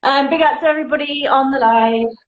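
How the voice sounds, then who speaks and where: A woman dancer chats as a guest on a live stream, relaxed and easygoing. Her fairly high voice comes through a muffled, lo-fi remote call. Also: fairly quick. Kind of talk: casual live-stream chat.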